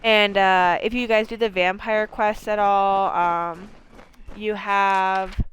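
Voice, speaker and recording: A woman's voice: mid-range voice, steady tone, slow pace, fairly bright tone, slight background noise. Chatty, swearing woman streamer. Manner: chatty, rambling, swears freely, lots of fillers. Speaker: game streamer. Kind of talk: casual gameplay commentary.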